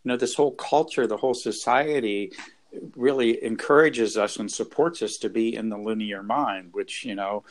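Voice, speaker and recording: A man in his fifties, a workshop leader, talking in a gentle, thoughtful way with soft pauses in a reflective conversation. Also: on the low side.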